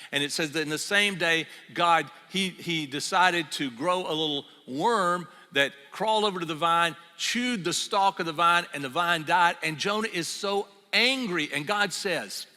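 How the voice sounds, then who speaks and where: An older man preaching a sermon, telling the story in a lively, conversational way. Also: fairly high pitch. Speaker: pastor. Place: church sanctuary. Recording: reverberant church hall.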